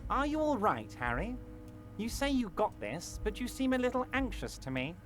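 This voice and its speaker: A smooth-talking, patronizing man in a video game. His voice sits high and swoops with lively pitch as he offers honeyed reassurance, while faint music plays underneath. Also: moderate pace, heavily acted. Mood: soothing. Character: smooth, falsely soothing busy man.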